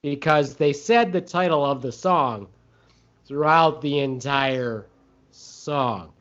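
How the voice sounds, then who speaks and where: A man's voice: medium pitch, takes it slowly, a bit bright. A man co-hosting a casual podcast chat, talking in a joking, rambling way with many fillers. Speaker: podcast co-host. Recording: dull lo-fi sound.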